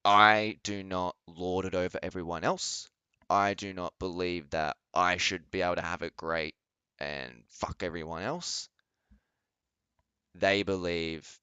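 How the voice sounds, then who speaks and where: A man's voice: low-pitched, steady tone, a little slow, pushed and bright, smooth, no echo, highs cut off. A man commentating on a clip during a casual live stream, swearing and mocking people in put-on voices. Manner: swearing, sarcastic, acts out people in exaggerated voices.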